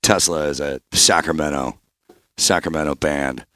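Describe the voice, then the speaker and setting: A man from Northern California hosting a casual podcast interview, animated and profane, with rambling restarts. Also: a bass voice, normal speed, dry recording, clean studio sound. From Bay Area, Northern California. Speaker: podcast host.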